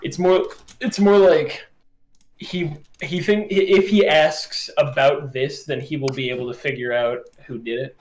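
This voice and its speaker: A young man chatting excitedly with friends during a tabletop game, rambling and restarting his sentences. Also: on the high side, measured pace. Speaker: game player. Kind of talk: casual chat between friends.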